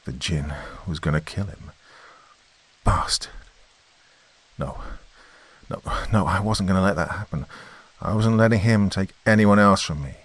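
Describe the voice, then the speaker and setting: A man's voice: low-pitched, unhurried. A man narrating a first-person horror story with a tense, dramatic reading.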